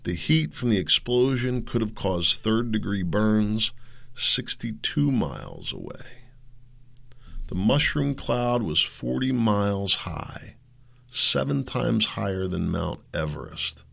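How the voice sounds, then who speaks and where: A man's voice: fairly low pitch, sing-song, slow pace, gravelly, sharp tone. A man hosting a casual political commentary, rambling and thinking aloud as he reads passages out. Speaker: commentary show host.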